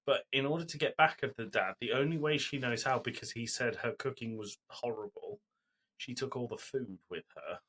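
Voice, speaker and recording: Husky man rambling through a recap. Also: mid-range voice, moderate pace, fairly bright tone. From Britain. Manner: rambling storytelling recap with fillers. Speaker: podcast co-host. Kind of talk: casual chat.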